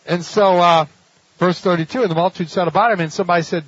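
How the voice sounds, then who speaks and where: Male pastor preaching, animated and dramatic; husky and high, recorded dry. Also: quick pace, no room sound, highs cut off. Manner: animated, dramatic storytelling with laughs and rhetorical questions. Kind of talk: sermon.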